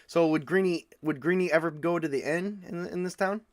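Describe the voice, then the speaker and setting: A man's voice: fairly high pitch, fairly quick, no room sound. A man narrating a tabletop game as game master, casual and hesitant. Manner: casual, laughing, hesitant fillers.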